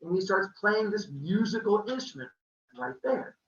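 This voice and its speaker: Man telling a joking, animated story. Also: sits high, moderate pace, reverberant, recorded from a distance, dull audio, a little hiss or hum. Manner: casual, jokey, makes sound effects. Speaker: podcast host. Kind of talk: comedic mythology storytelling.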